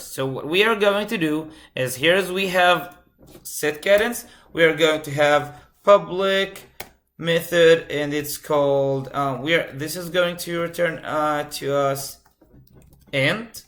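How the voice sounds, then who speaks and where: A man's voice: fairly high pitch, fairly bright tone. A man instructor giving a live coding lecture, repeating key phrases and asking the class questions. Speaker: computer science instructor.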